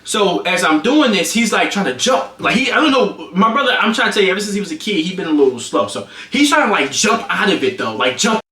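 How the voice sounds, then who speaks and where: A young man is streaming, his high-pitched voice rushing along with few pauses and echoing in the room. He's excitable, telling an animated story and acting out the scene with sound effects.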